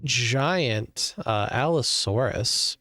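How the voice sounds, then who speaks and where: A man narrating as game master of a tabletop game over an online call, describing scenes in an unhurried way with many fillers. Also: medium pitch, animated, sharp tone.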